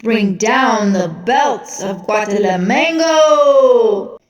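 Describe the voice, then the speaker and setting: A woman voicing an overexcited male wrestling announcer who bellows drawn-out hype. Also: on the high side, animated, very echoey, recorded from a distance, lo-fi sound. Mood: hyped.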